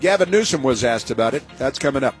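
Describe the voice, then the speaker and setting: A man's voice: mid-range voice, expressive, quick pace, faint music behind. A male talk radio host speaking in a rambling, sarcastic monologue full of fillers and restarts.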